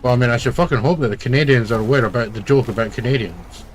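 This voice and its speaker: A man chatting casually over gameplay, blunt and sweary, quick to argue. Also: medium pitch. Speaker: let's play co-host.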